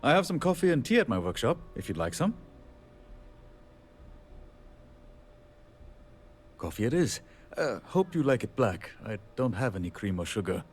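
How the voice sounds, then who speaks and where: A man's voice: medium pitch, very animated, brisk, breathy edge. An actor voicing a middle-aged male handyman in video game dialogue, wry and rambling, laughing at himself. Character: weary, punning, self-deprecating male station handyman.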